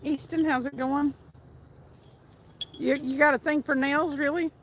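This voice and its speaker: A woman's voice: high voice, steady tone, unhurried, slight background noise. A woman hosting a fishing livestream outdoors by a stream, chatting casually, laughing often and reading out viewer names. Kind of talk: casual live-stream chat. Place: outdoors by a fast trout stream.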